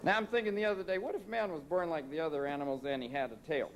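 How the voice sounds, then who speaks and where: A man's voice: a little high, quick pace. A man performing live stand-up comedy, ranting brashly with plenty of profanity and scolding hecklers. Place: concert stage before a live audience. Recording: live concert recording with audience noise.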